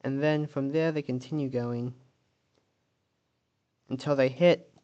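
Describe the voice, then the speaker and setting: A man narrates his alternate-history map video casually, thinking aloud with frequent pauses. At an ordinary mid pitch and a slow, unhurried pace, he stops to question odd details or correct himself before continuing. His tone is steady, mellow, clear and resonant, with the highs cut off.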